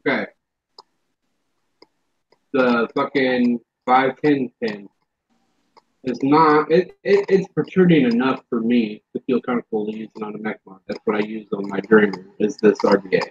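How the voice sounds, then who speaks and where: A man's voice: medium pitch, very animated, a little slow, vocal fry, slightly rough. A man hosting a casual chat about vaping gear, blunt and swearing freely, on a dull lo-fi recording. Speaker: vaping show host.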